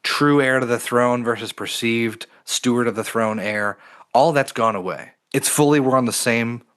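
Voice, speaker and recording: A man's voice: mid-range voice, moderate pace, fairly bright tone. A man co-hosting a podcast, talking in a reflective, earnest way with many fillers. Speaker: podcast co-host. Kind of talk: casual conversational podcast.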